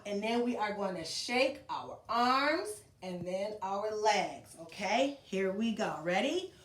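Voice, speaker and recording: A preschool teacher reads a storybook aloud to young children and leads them through movement exercises, counting aloud and coaxing them along. Her medium-pitched voice is animated and unhurried. A distant camera picks up a roomy echo.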